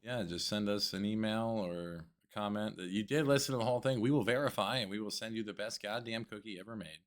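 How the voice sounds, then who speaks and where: Male podcast co-host, lowish voice, rambling jokey banter, lots of "dude". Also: quick pace. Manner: joking, rambling banter, calls people dude. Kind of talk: casual chat.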